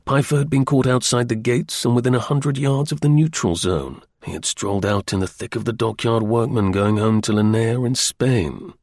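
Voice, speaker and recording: A man narrates an audiobook with a measured, even storytelling delivery. His voice sits at a medium pitch, and the studio-quality recording is dry.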